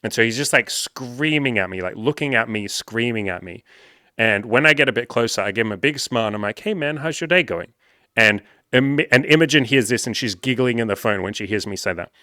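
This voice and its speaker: A man's voice: fairly low pitch, fairly quick, sharp tone, dry recording, clean studio sound. A young man, telling stories casually and animatedly, full of "like" fillers and swearing. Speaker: podcast host reading comments. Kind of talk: casual storytelling.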